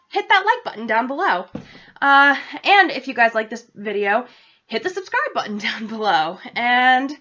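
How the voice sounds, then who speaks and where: A young New England woman vlogs in a casual, rambling way, cutting herself off as she talks to her audience. Her voice sits a little high with a sharp edge, and the home recording sounds dull and lo-fi.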